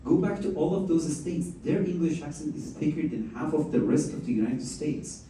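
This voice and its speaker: A man hosts a fireside chat, chatty and joking and often restarting his sentences. His fairly high voice has lively intonation, a dark tone, and a moderate pace. The mic sits at a distance in an echoey hall, with a little hiss or hum.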